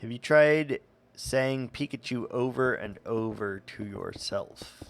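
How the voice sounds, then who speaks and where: A man's voice: medium pitch, slow, creaky, a little hiss or hum. A young man streaming a game, chatting casually and rambling with stumbles and restarts. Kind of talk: casual gameplay chat.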